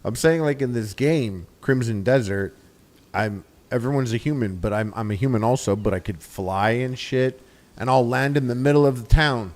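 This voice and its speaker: A man's voice: medium pitch, normal speed, a little mellow. Profane joking streamer man. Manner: profane, joking, mimics game characters. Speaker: livestreamer. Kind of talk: casual gameplay commentary.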